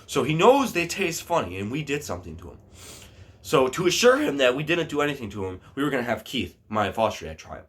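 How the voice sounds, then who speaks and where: A man recounting a story to his viewers, loose and lively, with swearing dropped in everywhere. He often stumbles and starts his sentences over as he goes. His voice sits at an ordinary pitch for a man. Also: fairly quick. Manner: animated, swears freely, restarts a lot. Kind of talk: casual storytime vlog.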